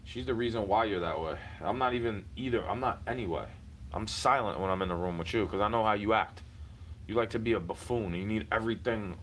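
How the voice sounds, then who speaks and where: A man's voice: fairly low pitch, brisk, a bit bright, slight background noise. A man venting in a heated, profane monologue, repeating himself and circling back to the same points.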